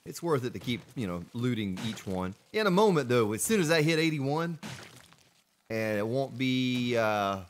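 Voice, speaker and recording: A man's voice: mid-range voice, sing-song, moderate pace, a little hiss or hum. A man streaming a survival game, chatting casually with viewers and greeting them by name. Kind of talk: casual gameplay commentary.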